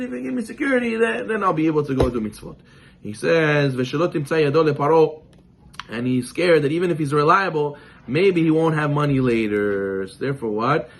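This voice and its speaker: A man who is a rabbi giving a sermon, reading Hebrew text and explaining it in English, acting out imagined dialogues with lively swings of voice. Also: poor audio. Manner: acts out imagined dialogues with God and merchants; animated, lively pitch swings.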